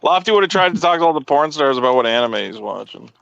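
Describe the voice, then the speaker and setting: A man's voice: fairly high pitch, big pitch swings, fast talker, vocal fry, a bit bright, clear, resonant tone, no echo. Joking man on a dull, dry mic. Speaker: co-host panelist. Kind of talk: casual panel chat.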